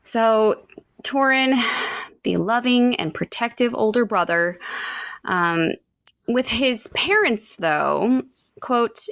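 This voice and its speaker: Slow, gravelly-voiced woman podcaster. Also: a little high, expressive, fairly bright tone, dry recording, clean studio sound. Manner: chatty, many fillers, laughs often. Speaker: podcast co-host. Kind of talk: casual book discussion, reading quotes aloud.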